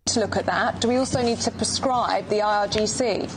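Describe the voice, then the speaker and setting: A woman asking news interview questions in a measured way, with a few hesitations. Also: medium pitch. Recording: noisy broadcast clip.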